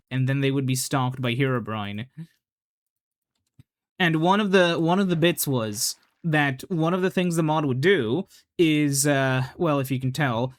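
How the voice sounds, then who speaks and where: A man's voice: on the high side, dry recording. A man casually commenting while he plays a game, rambling with lots of fillers and the odd swear. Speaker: gaming channel host.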